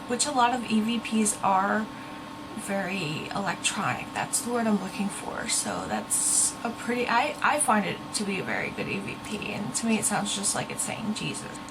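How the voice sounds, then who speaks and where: Chatting earnestly with her viewers, this young ghost-hunting vlogger sometimes stops to hunt for the right word. She speaks in a medium pitch over background noise.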